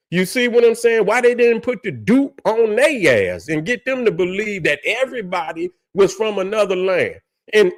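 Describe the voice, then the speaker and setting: A man hosting a livestream, ranting in a heated, profane way, repeating himself and firing off rhetorical questions. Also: sits high. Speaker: livestream host. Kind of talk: heated casual rant.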